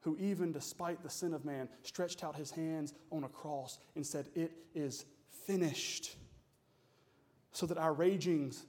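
A man delivers a Sunday sermon from the pulpit. His voice sits a little high and moves between quiet, deliberate phrases and rising, forceful declarations. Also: fairly even intonation. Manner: preaching with dynamic swells and pauses, uses "y'all". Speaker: pastor.

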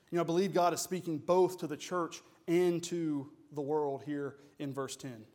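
A man's voice: fairly high pitch, fairly even intonation, darkish tone. Man preaching a dynamic sermon. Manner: preaching with dynamic swells and pauses, uses "y'all". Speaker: pastor.

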